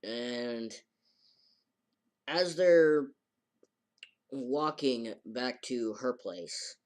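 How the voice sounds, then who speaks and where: A man recapping an anime episode in a casual, rambling way, full of halting restarts and fillers. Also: medium pitch. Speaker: anime reviewer.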